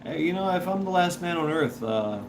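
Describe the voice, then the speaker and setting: A man talks casually on a livestream, reacting to chat in stop-start bursts and repeating himself as he goes. His pitch swings around a lot. A steady hiss of background noise sits under the voice. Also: fairly quick. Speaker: livestream host reading chat. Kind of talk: casual rambling livestream talk.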